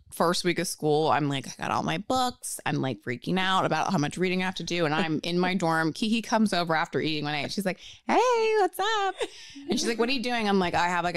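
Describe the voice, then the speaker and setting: A young adult woman, co-hosting a casual chat with her sisters, telling lively stories and acting out family members. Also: on the low side. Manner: animated storytelling, acts out family quotes, swears, laughs often. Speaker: podcast co-host.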